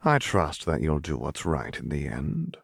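A man's voice: extremely low pitch, huge pitch swings, unhurried, creaky, breathy edge, no room sound, clean studio sound, heavily acted. A man voicing a smug, silky woman boss. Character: powerful woman company director, smug and silky. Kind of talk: audiobook character voice.

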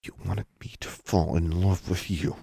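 A man voicing a furious teenage witch girl in an audiobook reading, with sharp, indignant outbursts. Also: low voice, steady tone, unhurried, gravelly, breathy edge, no echo, studio quality, heavily acted.

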